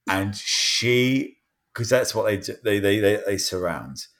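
Speaking a bit slowly in a lowish voice, a male podcast panelist spins a meandering anecdote over casual chat. He brings the quotes to life, voicing the people in his story with animation.

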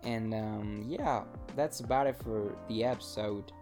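A man's voice: fairly low pitch, measured pace, music in the background. A young man hosting his own podcast, talking alone and casually from an apartment in the mountains, rambling and swearing with lots of restarts. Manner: rambling, profane, frequent restarts. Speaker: podcast host. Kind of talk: casual solo podcast monologue. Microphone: own podcast microphone.

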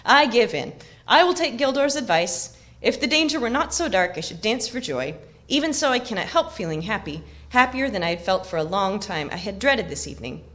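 A woman's voice: a little high, sing-song, fairly quick, fairly bright tone, voice pushed up. A woman voicing an earnest, anxious young male hobbit in an audiobook reading, with emotional, exclaiming delivery.

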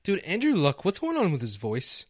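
A man's voice: a little high, huge pitch swings, normal speed, no room sound, studio quality. A man co-hosting a sports podcast, chatting casually with a teasing, joking manner. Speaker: podcast co-host. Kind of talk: casual chat.

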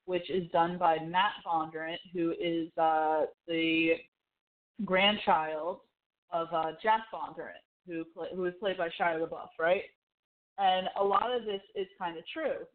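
Woman, lowish voice, excitable casual chat, phone-like tinny audio. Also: measured pace. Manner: excitable, explains background facts with fillers.

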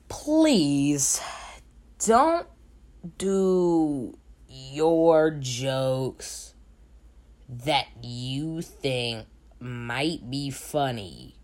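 A young man hosting a casual solo advice podcast late at night, sleepy, emphatic and repeating words for stress. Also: fairly high pitch. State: sleepy, recording at 3 a.m. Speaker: podcast host. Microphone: home podcast mic.

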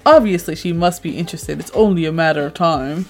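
Woman voicing a proud teenage boy president; smug, lowered voice, comic read-aloud. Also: fairly quick, faint music behind. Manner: lowered, self-important voice.

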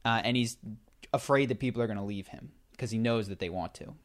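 Animated male storyteller in casual chat. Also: mid-range voice, brisk. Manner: animated storyteller, many fillers and restarts.

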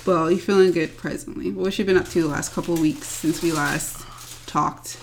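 A woman's voice: deep voice, fairly even intonation, normal speed, vocal fry, a little hiss or hum. A woman hosting a podcast with her younger sister, chatting casually and teasing her. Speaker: podcast co-host. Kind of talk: casual chat.

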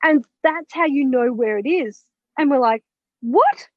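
A woman's voice: high voice, normal speed, no room sound. A woman being interviewed as an author and mentor, telling her story casually and acting out the lines of the people in it, with some blunt swearing. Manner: animated, acts out quoted dialogue, blunt with mild swearing. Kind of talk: conversational storytelling. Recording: dull, dry lo-fi audio.

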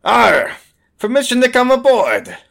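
A man doing a gravelly pirate woman, yar-growling. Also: very high voice, huge pitch swings, unhurried, a bit bright, voice pushed up, full character voice. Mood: boisterous. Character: boisterous peg-legged female pirate diplomat.

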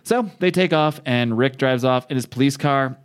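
A man's voice: mid-range voice, moderate pace, clean tone. A man talking casually through a TV episode he just watched. He rambles, restarts his sentences and drops into the characters' lines as he goes. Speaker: show recapper.

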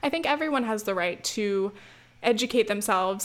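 A woman's voice: medium pitch, expressive, moderate pace, fairly bright tone. A young American woman, a student, ranting casually to her listeners, chatty and full of fillers, restarts and swearing. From United States. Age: young adult. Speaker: student vlogger. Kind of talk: casual rant to camera.

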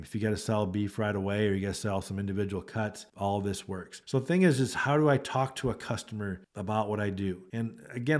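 A man's voice: fairly low pitch, darkish tone. A man, a beef rancher hosting a podcast, talking in a casual monologue with an earnest, repetitive, salesman-like manner.

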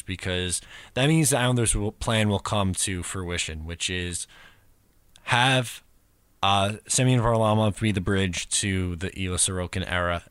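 A man's voice: on the low side, a bit bright, no echo. A man co-hosting a casual sports podcast, easygoing and jokey. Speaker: podcast co-host.

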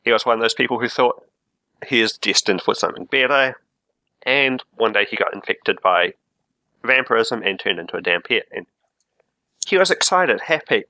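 A man's voice: mid-range voice, lively intonation, normal speed, sharp tone, dry recording, poor audio. A man playing a character in a tabletop role-playing game, casually explaining backstory. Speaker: player.

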